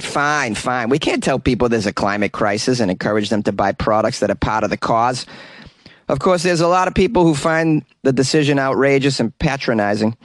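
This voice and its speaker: A male city councillor with a broad Boston accent makes his case earnestly, as a man puts him on. The voice rides higher and a little louder than the speaker's own talk. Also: no room sound, natural voice. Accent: put-on Boston.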